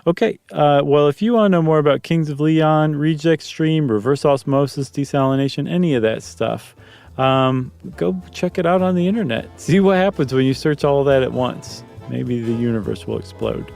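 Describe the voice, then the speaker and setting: A man's voice: fairly high pitch, normal speed, vocal fry, a little mellow, soft background music. A man co-hosting a podcast in casual chat, loose and joking, rambling with fillers. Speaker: podcast co-host.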